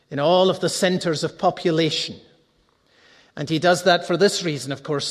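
A man preaching a sermon with earnest, fervent delivery, repeating key phrases slowly for emphasis. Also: fairly high pitch. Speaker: pastor. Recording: long reverb of a large hall.

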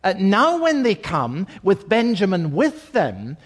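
A high-voiced man preaches a sermon as pastor. He reads scripture aloud and explains it, slowing down and dropping softly on the phrases he wants to land. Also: huge pitch swings.

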